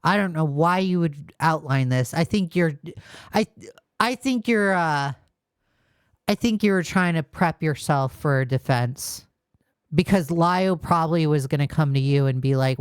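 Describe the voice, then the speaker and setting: A woman's voice: sits low, a little slow, clean tone, no room sound, clean studio sound. A woman hosting a casual reaction commentary, sounding exasperated and rambling, often restarting her sentences. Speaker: commentary host.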